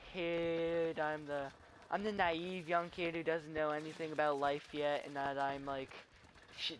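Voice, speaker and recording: A man's voice: on the high side, a bit bright, a little hiss or hum. A teenage boy giving rambling, chatty live commentary over his gameplay. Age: teens. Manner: rambling, chatty, tells stories with restarts. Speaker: gaming commentator.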